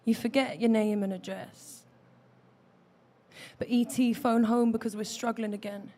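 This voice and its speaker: A woman's voice: a little high, fairly even intonation, a little slow, warm tone. A young woman from London with a London accent, performing rhythmic rhyming spoken word poetry into a stage microphone at an open mic. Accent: London English. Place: open mic venue, indoors.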